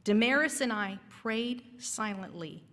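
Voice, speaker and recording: A brave teenage girl pleads earnestly and slowly, as a woman reads her lines aloud. Her words ring out with the long reverb of a church hall. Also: a little high, animated, a bit bright.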